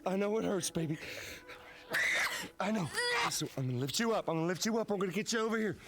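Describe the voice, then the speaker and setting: A grief-stricken game father, sobbing and begging, lively high cracking pitch. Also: quick pace, very noisy. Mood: pleading. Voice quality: sobbing, pleading. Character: desperate father cradling his dying daughter. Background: music.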